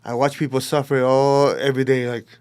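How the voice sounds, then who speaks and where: Male spiritual teacher, mid-pitched, blunt, emphatic delivery. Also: little pitch movement, fairly quick, a little mellow, clear, resonant tone. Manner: blunt, emphatic, acts out quoted people. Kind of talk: dharma talk.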